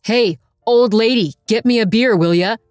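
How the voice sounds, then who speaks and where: A woman voicing a short-tempered, hard-drinking man who is gruff and scornful, then apologetic. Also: mid-range voice, normal speed, no echo, clean studio sound, faint music behind, close to an everyday voice.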